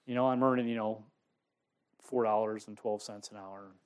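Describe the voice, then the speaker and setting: A middle-aged man preaching a sermon, telling his own story with sudden swings between loud and hushed. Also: fairly low pitch, fairly even intonation, moderate pace, clear, resonant tone. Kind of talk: sermon testimony.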